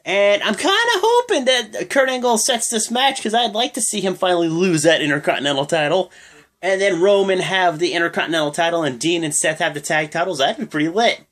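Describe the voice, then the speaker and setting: A man's voice: sits high, lively intonation, fairly quick, fairly bright tone. A young man casually recapping a wrestling show, rambling and full of slang. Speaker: wrestling show reaction vlogger. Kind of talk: casual reaction commentary.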